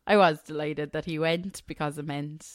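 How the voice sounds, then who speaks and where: A woman's voice: low-pitched, steady tone, moderate pace, no echo, studio quality. A young woman co-hosting a podcast, chatting playfully and laughing often. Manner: giggly, playful. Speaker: podcast co-host. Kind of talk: casual chat.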